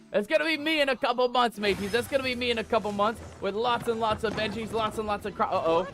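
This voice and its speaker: A man's voice: high voice, fast, hardly any pauses, music in the background. A man streaming live games, playing a playful pirate captain who hypes up his viewers with lots of repetition. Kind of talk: live game stream commentary.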